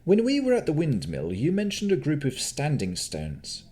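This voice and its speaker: A man reading as a high, bubbly fae prince of winter, full of cheer and playful theatrics. His voice bounces lively and bright, with a sing-song, animated lilt, as if telling an audiobook tale. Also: moderate pace. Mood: urgent. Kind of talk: audiobook character voice.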